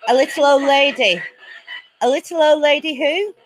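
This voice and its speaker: A woman hosting her own paranormal channel from home, chatty and easily excited, laughing often as she talks to her viewers. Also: high-pitched, normal speed, poor audio. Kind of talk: casual live chat. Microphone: laptop.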